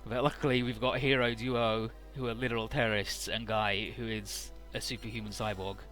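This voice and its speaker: Over quiet music, a let's-play host speaks in a lowish, fairly bright voice that barely shifts in pitch. While summarizing the story he swears offhandedly and sums up dialogue in short, playacted bits.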